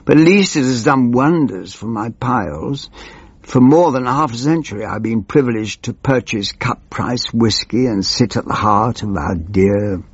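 A man's voice: lowish voice, no echo, muffled recording, exaggerated voice. A man doing a doddering old pompous MP. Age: older. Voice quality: creaky, husky, plummy. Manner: pompous, rambling, forgetful. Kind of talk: comic monologue.

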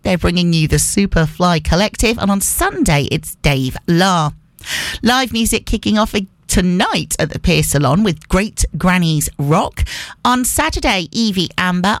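A woman's voice: mid-range voice, no echo. A woman presenting local radio, reading out event listings in a chatty way and joking about her own slips. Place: radio studio.

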